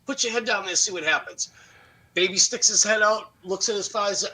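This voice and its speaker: A man on a community radio talk show, telling a joke in an animated, storytelling way. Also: high voice, fairly quick, poor audio.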